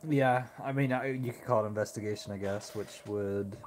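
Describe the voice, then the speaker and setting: A man's voice: lowish voice, steady tone, moderate pace, a little hiss or hum. A man playing a tabletop game, speaking hesitantly and thoughtfully with many fillers. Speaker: player.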